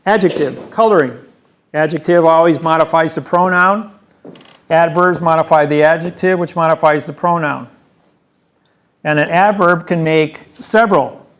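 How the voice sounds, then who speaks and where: A man's voice: fairly high pitch, normal speed. A man giving a rambling seminar lecture, boastful and emphatic, sure of his own expertise. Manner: boastful, emphatic, self-assured. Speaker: seminar presenter. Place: seminar room.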